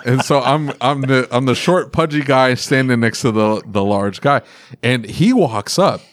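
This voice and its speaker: A man's voice: mid-range voice, a little slow. A man hosting a podcast in casual chat, joking and telling stories with laughs in his voice. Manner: joking, lively storytelling, laughs while talking. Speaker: podcast host.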